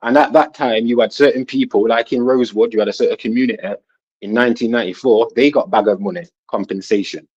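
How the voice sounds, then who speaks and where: A man's voice: mid-range voice, fast talker, slightly rough. Rambling man. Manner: animated, rambling storytelling with frequent "you know what I'm saying". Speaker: guest. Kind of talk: casual panel talk. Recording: dull lo-fi sound.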